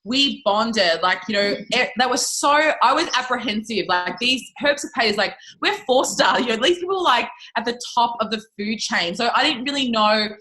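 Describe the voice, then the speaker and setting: A woman's voice: fairly high pitch, lively intonation, moderate pace, hardly any pauses, pushed and bright, poor audio. A woman telling a story in a casual interview, chatty and swearing freely, with lots of "like" fillers. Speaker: interview guest, network marketing leader.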